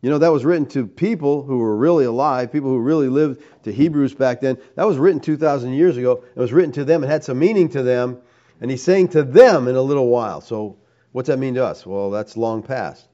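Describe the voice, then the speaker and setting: Emphatic preacher man, mellow voice. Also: medium pitch, a little fast, dull audio. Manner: emphatic, rhetorical questions, tags "all right?". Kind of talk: sermon teaching.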